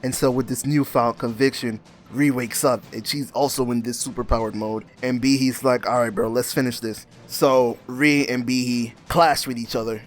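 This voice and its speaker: A young man recapping a comic in a casual, animated, slangy way, often laughing as he rants. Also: mid-range voice, moderate pace, hardly any pauses, slight background noise. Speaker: comic reviewer.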